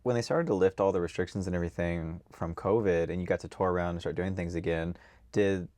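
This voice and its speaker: Deep-voiced man hosting gently. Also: steady tone, fast talker. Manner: gentle, careful questions with frequent affirming murmurs. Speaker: podcast host. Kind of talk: casual interview.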